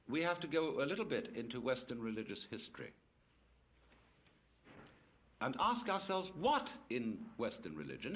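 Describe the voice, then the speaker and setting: A man's voice: medium pitch, fairly bright tone, slight background noise. A man giving a public lecture to an audience, telling stories with wry, playful asides.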